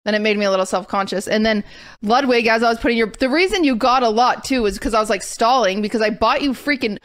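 A woman's voice: fairly high pitch, quick pace, a bit bright, dry recording. A woman hosting a casual chat podcast, talking animatedly and rambling with restarts. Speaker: podcast host.

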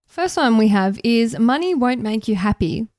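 A woman's voice: a little high, animated, moderate pace, a little mellow, no echo, faint music behind. A young Australian woman co-hosting a podcast, chatting in a bubbly, casual way and laughing easily. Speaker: podcast co-host, radio journalist.

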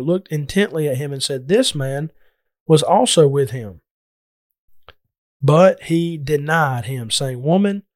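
A man's voice: a little high, dry recording, studio quality. A man preaching a Bible lesson, reading scripture in an earnest, emphatic way.

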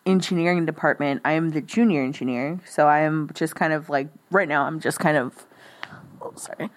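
A woman's voice: low-pitched, a little fast. A young woman chatting casually as a guest, rambling and laughing at her own jokes. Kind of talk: casual chat.

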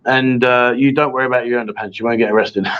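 A man's voice: mid-range voice, steady tone, brisk. A middle-aged man hosting a casual live chat show, chatty and joking as he reads out viewer questions. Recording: dull lo-fi stream audio.

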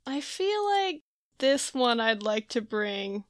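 A woman co-hosting a casual podcast, giggling as she recaps a comic and reads its lines in quick put-on voices. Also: on the high side, big pitch swings, no room sound, clean studio sound. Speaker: podcast co-host.

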